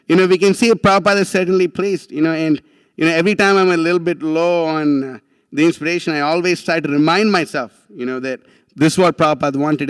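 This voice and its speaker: Fast-talking, slangy young man. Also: on the high side, no room sound. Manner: slangy, excitable, laughs often. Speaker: class speaker. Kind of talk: animated storytelling talk.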